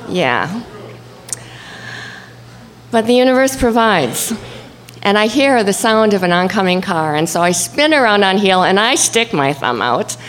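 A woman telling a true story live on stage. She is animated and acts out voices and shouts, swinging from low murmurs up to high cries. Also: unhurried, pauses often. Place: stage before an audience.

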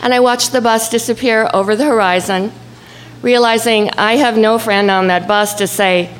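On a stage in front of an audience, a woman tells a true story at a moderate pace. She's animated, acting out voices and shouting, her delivery ranging from low murmurs to high cries.

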